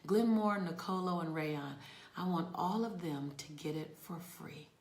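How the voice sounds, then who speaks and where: A woman talking to viewers on a casual livestream from a rental room, emphatic and warm, sometimes dropping to soft near-whispers. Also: low-pitched, fairly even intonation, a little slow, reverberant. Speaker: motivational speaker hosting a livestream.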